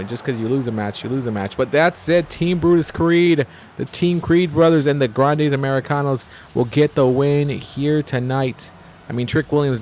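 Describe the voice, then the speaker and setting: A man's voice: mid-range voice, darkish tone, slight background noise. A man giving casual, rambling commentary over a wrestling video game, with chatty, jokey asides. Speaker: gameplay commentator.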